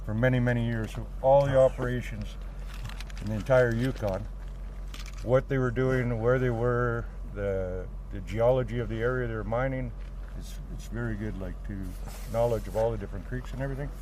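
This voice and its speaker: A man's voice: medium pitch, fairly quick. Gold miner guy telling a crude story outside, blunt and sweary, faint engine noise. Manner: blunt, profane, animated. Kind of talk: casual storytelling.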